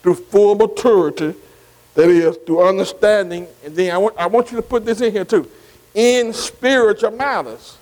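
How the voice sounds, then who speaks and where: On a low-quality recording, an older pastor with a high-pitched voice moves through scripture at normal speed in a loose, conversational Bible study sermon. He keeps checking in with the audience, repeatedly dropping "see?" and "amen" between points in call-and-response fashion.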